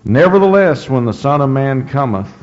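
Male preacher reading scripture with deliberate, rising emphasis, captured on a dull, muffled recording. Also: medium pitch, very animated, darkish tone. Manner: slow, deliberate reading with rising emphasis and frequent throat clearing. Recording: dull lo-fi recording in a reverberant hall.

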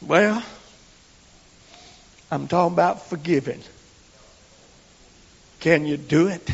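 Man, preacher, high raspy voice, echoey lo-fi church recording. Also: slow pace. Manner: folksy storytelling, swinging from hushed whispers to shouts. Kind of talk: sermon.

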